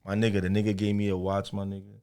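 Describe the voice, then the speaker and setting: A man's voice: on the low side, monotone, rapid-fire, warm tone. A young man telling a story in casual podcast chat, acting out the other people's lines and laughing often. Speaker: podcast co-host.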